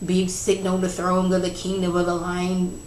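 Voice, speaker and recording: A woman's voice: lowish voice, completely flat delivery, normal speed, a little mellow, slight background noise. A woman giving a casual spoken TV episode recap, chatty and slangy, full of "you know" and "like". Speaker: TV episode reviewer. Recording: echoey room.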